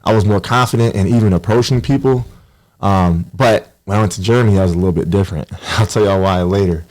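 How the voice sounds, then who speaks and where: Man, low-ish voice, podcast guest, animated storyteller who does voices. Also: quick pace. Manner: animated, acts out voices in his stories. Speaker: podcast guest, professional basketball player. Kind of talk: casual storytelling interview.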